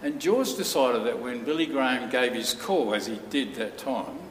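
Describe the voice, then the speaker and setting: A man preaching a sermon, telling a story earnestly with dramatic pauses. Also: medium pitch, a little hiss or hum. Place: church hall. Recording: echoey hall from far off.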